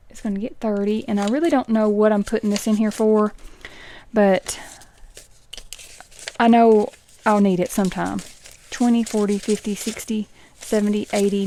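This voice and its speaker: Woman, middle-aged, casual chat, counts bills aloud, chatty asides, soft whispered counting. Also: medium pitch, a little hiss or hum. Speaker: budgeting vlogger.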